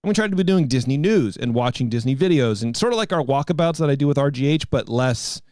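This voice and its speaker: A man's voice: medium pitch, animated, fast talker, a little mellow, dry recording, studio quality. A man in his thirties hosting a podcast, telling a rambling story in casual chat. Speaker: podcast host.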